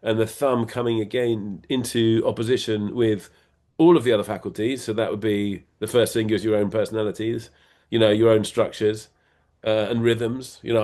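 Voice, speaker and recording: A man's voice: fairly low pitch, a little mellow. Rambling, playful man in conversation. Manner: rambling, full of restarts and fillers. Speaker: interview guest. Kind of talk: casual conversation.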